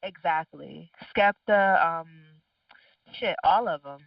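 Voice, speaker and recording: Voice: medium pitch, slow pace, creaky, no echo. Laid-back co-host on a distant lo-fi recording. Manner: short agreeing interjections, relaxed swearing. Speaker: podcast co-host. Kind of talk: casual podcast talk. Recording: dull distant lo-fi dry recording.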